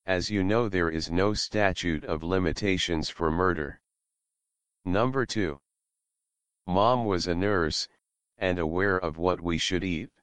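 A man with a very low voice reads dark little stories in a slow, deadpan way. His tone is smooth and resonant, and the recording is close and dry. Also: no room sound. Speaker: story contributor. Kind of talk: deadpan story reading.

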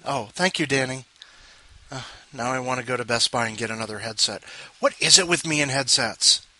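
A man's voice: medium pitch, fairly quick, sharp tone. A man hosting a podcast in casual chat, rambling with self-mocking asides. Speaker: podcast host.

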